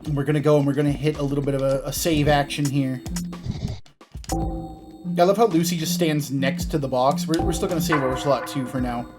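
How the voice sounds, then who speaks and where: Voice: mid-range voice, steady tone, brisk, music in the background. A gaming host giving casual, jokey commentary and reading the game's lines aloud. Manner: jokey, rambling, reads game dialogue aloud. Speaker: let's play host.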